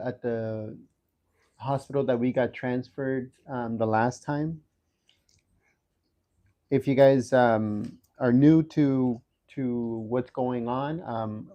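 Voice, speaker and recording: A man giving a casual livestream update from a hospital room, talking haltingly with many fillers and restarts. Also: medium pitch, highs cut off. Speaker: livestream host updating viewers.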